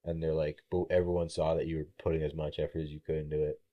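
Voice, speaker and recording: On a lo-fi recording, a young college baseball player with an extremely low voice talks fast as a podcast guest. He tells a story casually and with animation, acting out people's voices and swearing freely.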